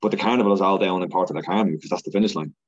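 A podcast guest telling stories in a rush of excited, rambling speech, full of fillers and repeats. His voice is low and husky, and the lo-fi recording sounds dull. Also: rapid-fire. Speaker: podcast guest, Ironman athlete. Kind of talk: casual storytelling chat.

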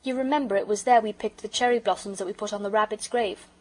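A woman reading the part of a bold, eager boy in a children's storybook, in a brisk, sure-of-himself way. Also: medium pitch, a little mellow, lightly acted.

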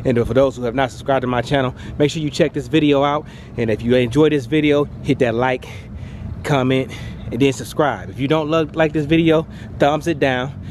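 A man in an excited car walkaround vlog, talking outdoors at a dealership lot in a hyped, slangy way with rhyming wordplay and repeated catchphrases. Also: mid-range voice, fairly quick, slight background noise. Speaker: car vlogger.

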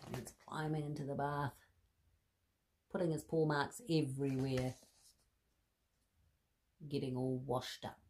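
A woman reading a bedtime story to children, animated and asking the listener questions. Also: a bass voice, unhurried, pauses often, a little hiss or hum.

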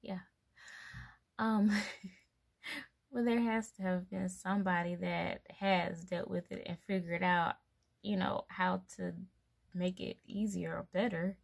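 A woman's voice: on the low side, steady tone, takes it slowly, gravelly, long pauses. A young adult woman chatting casually in a pregnancy vlog, rambling with many fillers and laughing between thoughts. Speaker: mom vlogger.

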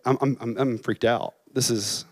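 Emotional pastor preaching. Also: male voice, mid-range voice, fairly even intonation, normal speed, a little mellow, no echo. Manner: emotional storytelling, voice rising and breaking. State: crying. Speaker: campus pastor. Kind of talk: chapel sermon.

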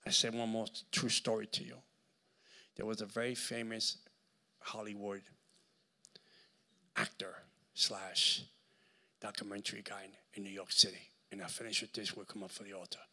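A man with a Puerto Rican accent preaching a sermon as guest speaker at a church service, telling stories in an animated way and building up to loud preaching. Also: lowish voice, normal speed, long pauses.

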